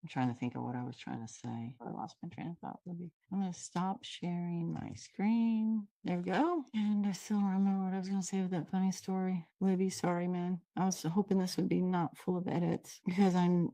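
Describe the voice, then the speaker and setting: A woman's voice: lowish voice, steady tone, a little fast, hardly any pauses, mellow, no room sound. A woman from Washington State with a Pacific Northwest American accent, hosting a casual, digressive and upbeat teaching talk over a computer mic. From Washington State, USA. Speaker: host and trainer.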